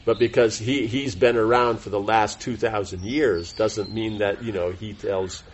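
A man's voice: on the low side, steady tone, a little slow, lo-fi sound, a little hiss or hum. A man teaching a devotional class in an informal, rambling way, full of fillers and self-corrections. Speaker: spiritual teacher giving a class.

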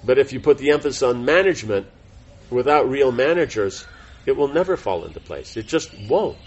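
A man with a slightly husky voice gives an informal devotional class, wandering through his points with lots of fillers and restarts. The recording is a bit dull and lo-fi. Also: medium pitch, animated, fairly quick. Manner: rambling, many fillers and self-corrections. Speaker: spiritual teacher giving a class.

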